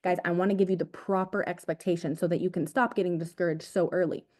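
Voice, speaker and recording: A young woman, an agency owner, gives an energetic, casual motivational talk to her team over a video call, repeating her points and calling them "guys". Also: on the low side, fast talker. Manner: energetic, repetitive, casual slang like "dude" and "guys".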